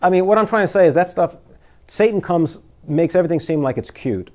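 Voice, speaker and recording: A man's voice: a little high, animated, fairly quick, a little mellow. A man preaching an informal sermon to his congregation, conversational and full of rhetorical questions, at times laughing at his own jokes.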